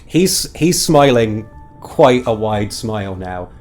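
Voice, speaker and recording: A man's voice: fairly low pitch, lively intonation, takes it slowly, a little mellow, faint music behind. A man narrating as game master of a tabletop game, thoughtful with many fillers.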